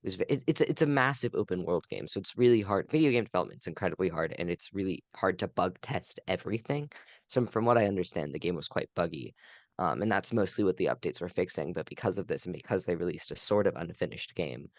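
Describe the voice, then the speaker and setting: A man's voice: deep voice, animated, fast talker, no room sound. A young man, a student, chatting casually as a co-host and hedging his points with "um". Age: young adult. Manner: hedging, says "um" often. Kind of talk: casual chat.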